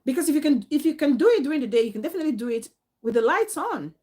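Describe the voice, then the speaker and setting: A woman's voice: high voice, expressive, racing, a little mellow. A woman hosting a casual live talk show, chatting, laughing often and reading out viewer comments. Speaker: livestream talk show host.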